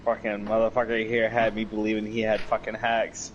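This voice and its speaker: A man's voice: lowish voice, completely flat delivery, a little fast, highs cut off, heavy background noise. A man chatting casually with a friend on a gaming stream, telling rambling stories and swearing often over a headset. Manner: profane, rambling storyteller. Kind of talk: casual chat.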